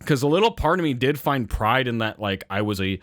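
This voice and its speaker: A young man telling a story in a casual rant, rambling and animated, with swearing and frequent fillers and self-corrections. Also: medium pitch, fairly quick, no room sound, clean studio sound. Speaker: channel host.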